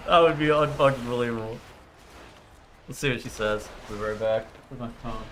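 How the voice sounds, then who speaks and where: A man's voice: medium pitch, fairly quick, a bit bright, a little hiss or hum. A man streaming live, chatting casually in a profane, rambling way.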